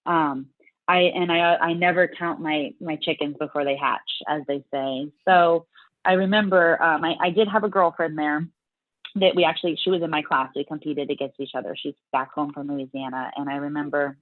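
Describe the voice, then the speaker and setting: Animated woman on a tinny line. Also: low-pitched, normal speed, no room sound. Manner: animated, many restarts and fillers. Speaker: guest, bodybuilding competitor. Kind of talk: casual interview storytelling.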